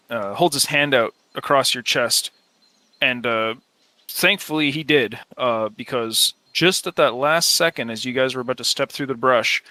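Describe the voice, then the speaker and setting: A man narrating a tabletop game as game master, relaxed and unhurried, with many filler pauses. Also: mid-range voice, no echo.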